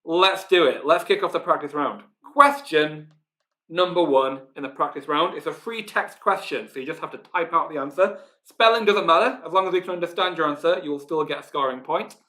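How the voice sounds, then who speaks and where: A chatty Yorkshireman hosts a live online quiz, reading out the players' team names and chuckling along the way. His voice sits a touch high for a man and has a bright, forceful ring to it. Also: a little fast. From Yorkshire, England. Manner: chatty, reads out team names, laughs often. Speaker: quiz host.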